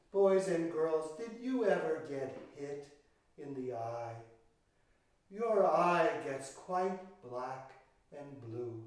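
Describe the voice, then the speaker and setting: An older man telling a children's story in a dramatic way, with gasps and sung chants, and speaking directly to the young listeners. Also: medium pitch. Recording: echoey room, from far off the mic.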